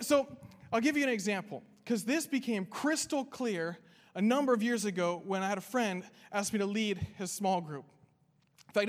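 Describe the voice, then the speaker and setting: A high-voiced man preaching in a church. He tells a story conversationally and keeps checking in with his listeners. His voice rings with the long reverb of a big hall. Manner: conversational, checks in with the audience often. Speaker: pastor. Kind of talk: sermon with storytelling.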